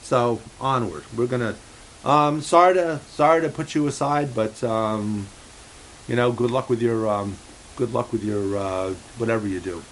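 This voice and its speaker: A man hosting a home-made show in a rambling, halting way, full of fillers and restarts, passing on what his cat supposedly says. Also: mid-range voice, slight background noise, rough recording. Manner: halting, many fillers and restarts, relays a cat's remarks. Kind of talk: rambling casual monologue.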